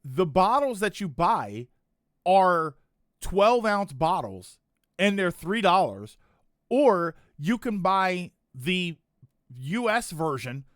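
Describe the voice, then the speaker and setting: A man's voice: sits high, very animated, slow pace, a bit bright, no room sound, studio quality. A man streaming and chatting casually with viewers, rambling and correcting himself as he goes. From United States. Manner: rambling, self-correcting, chuckling asides. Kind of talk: casual chat reading chat comments.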